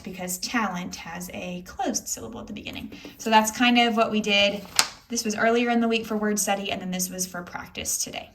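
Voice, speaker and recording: A woman's voice: medium pitch, a little hiss or hum. Chatty young woman teacher vlogging. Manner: chatty, rambling, many "like"s and "anyways". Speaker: elementary school teacher. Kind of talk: casual day-in-the-life vlog talk.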